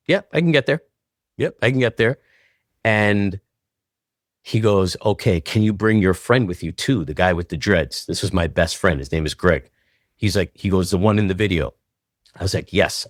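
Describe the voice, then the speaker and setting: A man from Canada, a guest choreographer in an interview, telling an animated story and acting out both sides of old phone calls, his voice jumping up when he gets excited. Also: deep voice, no room sound, clean studio sound.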